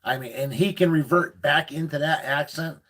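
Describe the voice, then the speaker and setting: A man chatting casually on a livestream, telling stories in a gruff, joking, profane way. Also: fairly high pitch, moderate pace, fairly bright tone.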